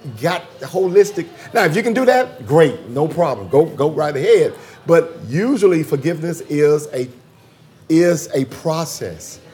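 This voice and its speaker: Animated, lively-voiced man talking theology. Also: on the high side, unhurried. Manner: animated, emphatic, repeats phrases for rhythm. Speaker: guest theologian. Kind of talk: conversational interview.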